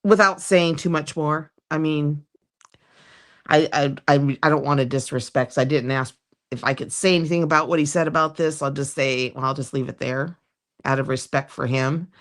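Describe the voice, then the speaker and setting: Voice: medium pitch, steady tone, moderate pace, a bit bright. A livestream host in casual chat, talking in a rambling, chatty way that often trails off mid-sentence.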